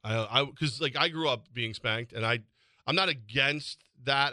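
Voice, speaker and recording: A man in his forties hosting a sports radio show, teasing his co-host and telling animated stories in casual banter. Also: mid-range voice, a little fast, no echo. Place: radio studio. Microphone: studio microphone.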